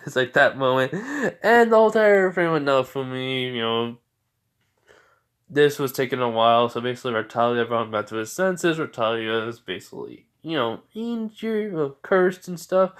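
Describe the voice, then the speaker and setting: A man's voice: medium pitch, expressive, moderate pace, fairly bright tone, clear, resonant tone. Rambling, stuttering tired young man. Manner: rambling, full of fillers, with stutters. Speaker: fan story narrator. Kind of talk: improvised fan fiction storytelling.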